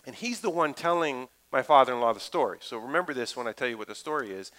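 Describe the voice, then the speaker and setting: Bright-voiced man preaching a casual sermon. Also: medium pitch, fast, rough recording. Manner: lively, conversational preaching with asides. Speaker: pastor.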